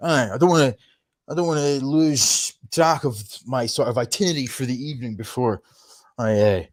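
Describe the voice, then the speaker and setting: A man with a Scottish Highland accent hosting a livestream, talking casually in a sweary, sarcastic, rambling way. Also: normal speed. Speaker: livestream host. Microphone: computer microphone.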